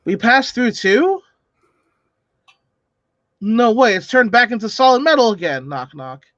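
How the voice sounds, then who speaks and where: A man's voice: very high voice, sing-song, measured pace, a bit bright, no room sound, muffled recording, exaggerated voice. A man voicing a brash, restless young man who exclaims in disbelief while reading a comic aloud. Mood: incredulous.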